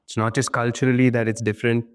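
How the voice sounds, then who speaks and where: A man's voice: medium pitch, little pitch movement, quick pace, clean tone. A man from India, hosting a casual interview and agreeing easily, calling his guest "bro". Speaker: podcast host.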